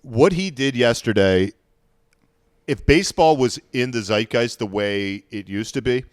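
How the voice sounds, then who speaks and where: A man's voice: medium pitch, a little slow, clean tone, no room sound, clean studio sound. A man co-hosting a podcast, chatting casually about sports with frequent hesitant restarts. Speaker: podcast co-host.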